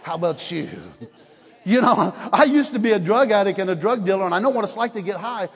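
A man preaching as an evangelist at a church service, energetic and laughing often, swinging between shouts and hushed tones. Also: sits high, fairly quick, slightly rough, some chatter behind. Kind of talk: revival sermon. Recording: long hall reverb.

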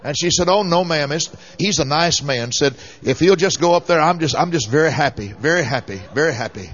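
This preacher's voice sits on the high side, a bit bright, animated and fairly quick. Captured in muffled lo-fi sound, his sermon unfolds as homespun storytelling that builds into passionate urging.

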